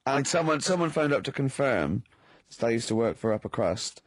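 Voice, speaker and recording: A man's voice: medium pitch, very animated, normal speed, dry recording. An English man co-hosting a comedy radio show, teasing the others with mock-grand asides. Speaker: radio co-host.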